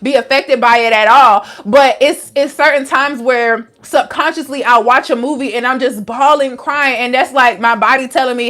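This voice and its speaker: A young adult wellness coach with a slightly high, somewhat bright voice talks at normal speed while answering viewers on a live stream. Her manner is frank and chatty, packed with slang and "like."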